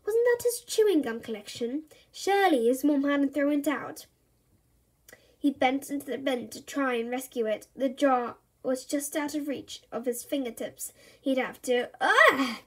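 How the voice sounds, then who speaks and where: A woman's voice: high-pitched, normal speed. Woman reading a children's story aloud. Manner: animated, expressive storytelling. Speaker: storybook reader.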